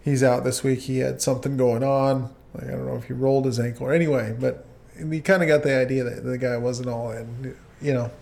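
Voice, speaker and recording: Chill guy with a gravelly voice, laughing through a story. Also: medium pitch, level tone, a little fast, darkish tone. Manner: laid-back, laughs while telling stories. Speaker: podcast co-host. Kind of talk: casual storytelling chat.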